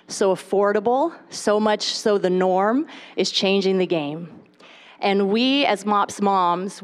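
A woman in her thirties from the United States, giving a live talk to a moms' group from a podium and chatting straight to the audience. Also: medium pitch. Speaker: speaker at a moms' gathering. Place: stage at a podium.

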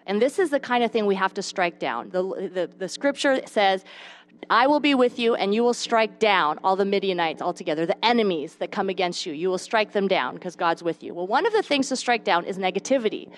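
A woman in her thirties giving a lively faith-based talk to a mothers' group, acting out the voices of the people in her stories. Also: mid-range voice. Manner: animated storytelling, acts out quoted voices.

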